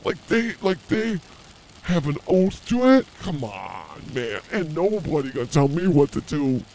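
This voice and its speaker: A man's voice: on the high side, sing-song, a little slow, darkish tone, slight background noise. A man in his fifties co-hosting a casual comedy podcast, trading crude, joking banter. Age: 50s. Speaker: podcast co-host.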